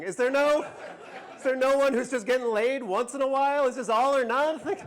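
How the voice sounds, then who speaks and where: A man performing a standup routine, sardonic and self-deprecating, firing off rhetorical questions. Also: extremely high pitch. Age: 40s. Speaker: standup comedian. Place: live comedy venue with audience. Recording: live club recording, audience laughter. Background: crowd laughter.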